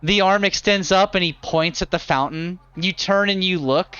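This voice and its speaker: A man narrating a live tabletop game as dungeon master, describing scenes slowly with many fillers. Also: high voice, pushed and bright, clean tone, muffled recording.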